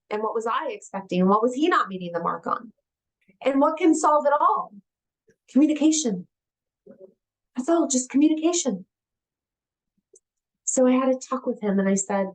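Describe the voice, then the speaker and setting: A woman's voice: fairly high pitch, lively intonation, moderate pace, long pauses. A woman giving an earnest, emphatic personal talk as a guest speaker, repeating her key phrases and acting out the voices in the dialogues she recounts.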